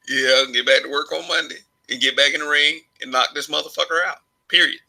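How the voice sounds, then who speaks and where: A man's voice: fairly high pitch, steady tone, brisk, vocal fry, sharp tone, poor audio. A man from Alabama giving his opinions in a casual vlog monologue, rambling, restarting phrases and chuckling often. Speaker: vlogger.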